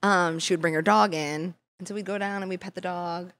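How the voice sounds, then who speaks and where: A woman's voice: on the low side, steady tone, brisk, a bit bright. A woman chatting casually as a podcast guest, laughing often as she tells her stories. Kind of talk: casual chat.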